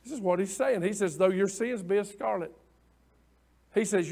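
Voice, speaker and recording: A middle-aged man delivers a sermon with a notably high-pitched voice. His preaching is folksy and conversational, circling back on his own phrases as he talks to the congregation like neighbors. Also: moderate pace, creaky, darkish tone. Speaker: pastor.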